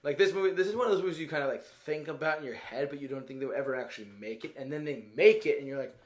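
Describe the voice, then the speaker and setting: A man's voice: a little high, very fast. A man giving a casual, rambling movie review, often stopping to search for words and laughing as he goes. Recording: roomy echo.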